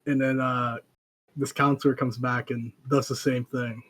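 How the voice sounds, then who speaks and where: A man's voice: mid-range voice, flat delivery, moderate pace, a bit bright. A young man chatting on a podcast, retelling comic scenes in a laid-back, easygoing way. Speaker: podcast co-host. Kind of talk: casual chat.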